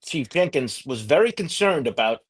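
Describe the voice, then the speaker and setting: Brief: ex-detective man as podcast guest, relaxed, mid-pitched voice. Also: normal speed, slightly rough. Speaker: former homicide investigator, podcast host. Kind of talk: casual podcast discussion.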